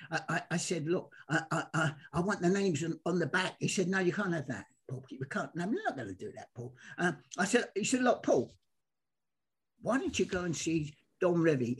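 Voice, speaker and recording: Older Londoner, husky and lively, rambling storyteller. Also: male voice, high voice. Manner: excitable, rambling, acts out quoted dialogue. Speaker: guest. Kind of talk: animated storytelling.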